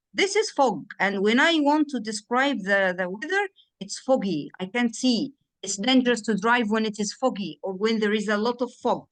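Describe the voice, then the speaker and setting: A woman, a native Arabic speaker, tutoring in English over a video call, patiently drilling words and checking the student understood. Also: on the high side. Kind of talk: one-on-one online lesson.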